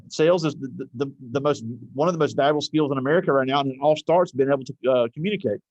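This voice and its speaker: A man's voice: mid-range voice, darkish tone, no room sound, highs cut off. A man interviewing a guest at a school, earnest and searching for his words with fillers. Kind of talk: casual interview.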